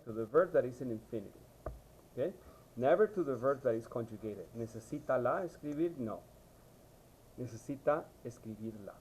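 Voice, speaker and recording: A man's voice: medium pitch, dark tone, husky. Patient man teaching a video lesson. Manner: patient, repeats "okay?" to check understanding. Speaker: Spanish teacher.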